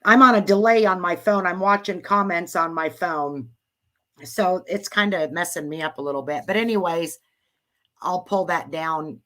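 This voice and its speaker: A woman's voice: on the low side, moderate pace, bright, forceful tone. A woman hosting a casual livestream, chatty and often sidetracked by technical troubles. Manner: chatty, distracted by tech troubles. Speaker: host.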